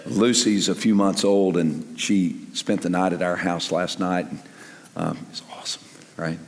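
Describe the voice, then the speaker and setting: Animated older male preacher in a hall. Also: sits low, measured pace. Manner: animated, swings from quiet to loud emphasis. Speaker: pastor. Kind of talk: sermon. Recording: echoey hall with long reverb.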